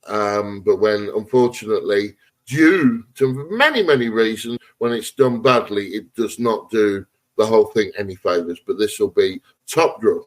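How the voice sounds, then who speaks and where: Blunt, low-voiced man. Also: expressive, moderate pace, poor audio. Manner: blunt, opinionated, rambling. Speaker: podcast co-host. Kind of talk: casual wrestling podcast chat.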